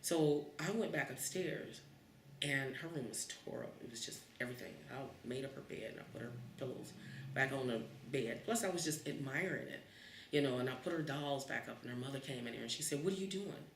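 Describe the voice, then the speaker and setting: A woman's voice: a bass voice, brisk, creaky, slight background noise. A woman in her fifties from Cleveland, telling stories from her childhood in an oral history interview and acting out the voices in them. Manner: animated, acts out the voices in her story. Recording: roomy, distant mic.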